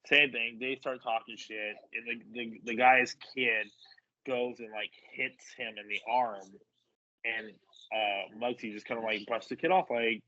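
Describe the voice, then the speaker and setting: A man's voice: mid-range voice, steady tone, measured pace, sharp tone, no echo, dull audio. A man telling wrestling stories in casual chat, swearing freely and acting out what people said. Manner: profane, acts out voices in quotes. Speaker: wrestler guest.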